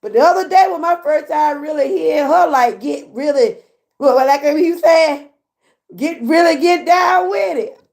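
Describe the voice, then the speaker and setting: A woman's voice: sits high, measured pace, creaky, a little mellow. A woman with a Southern US accent hosting a casual livestream, chatty, laughing often and talking back to her chat. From Georgia, US. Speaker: livestream host.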